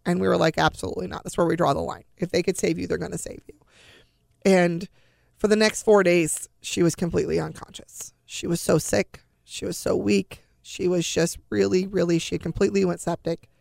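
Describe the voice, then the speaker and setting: Woman, mother telling her story, earnest, emotional, very gravelly, dry. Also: on the low side, fairly even intonation, brisk, darkish tone, no echo. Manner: earnest, restarts under strong emotion. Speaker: interview guest, bereaved mother.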